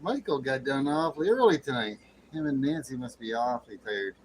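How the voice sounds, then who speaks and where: A man hosting a late-night livestream chat in a folksy way, greeting viewers with loud whoops. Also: mid-range voice, animated, fairly quick, low-quality recording. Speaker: livestream host. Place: home studio with air conditioner running. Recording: faint air conditioner hum.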